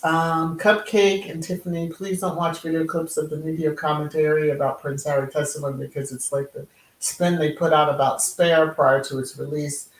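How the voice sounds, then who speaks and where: A woman's voice: sits low, level tone, moderate pace, recorded from a distance, a little hiss or hum. Chatty woman host in an echoey room. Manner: chatty, sing-song repeated greetings, many ums. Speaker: livestream host. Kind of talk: casual livestream chat. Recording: roomy echo, voice set back from the mic.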